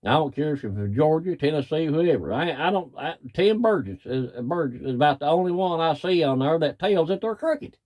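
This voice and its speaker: Middle-aged man, cattle farmer, fired-up folksy rant, slightly high voice. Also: animated, brisk, hardly any pauses, darkish tone. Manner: plain-spoken, folksy, angry. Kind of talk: frustrated rant to camera.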